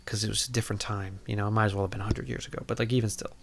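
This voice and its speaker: A man with a fairly low voice hosts a podcast and recaps a movie in a loose, casual way. He rambles along, packing his sentences with "like" and "you know". His tone stays jokey and irreverent. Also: level tone, racing, vocal fry, noisy background. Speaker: podcast host.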